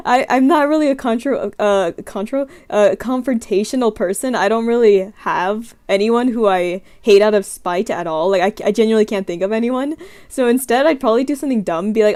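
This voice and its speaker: Young woman, streamer, giggly, rambling, self-deprecating, slightly high voice, casual chat from her room. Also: a little fast, darkish tone. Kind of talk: casual chat answering scenario questions.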